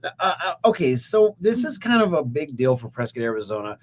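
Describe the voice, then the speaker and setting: Male interview host with a slightly high voice; jokey, filler-heavy delivery. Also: sing-song, a little fast. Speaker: radio show host. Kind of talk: casual interview.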